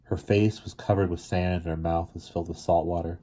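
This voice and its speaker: A man reading a children's novel aloud in a quiet, measured way. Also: steady tone. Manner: quiet, measured, drops low for sad moments. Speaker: reader.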